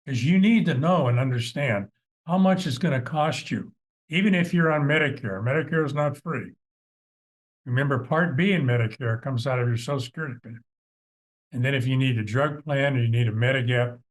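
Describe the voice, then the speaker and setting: A middle-aged man, a financial advisor hosting a radio talk show, talking in a conversational, folksy, anecdotal way. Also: mid-range voice.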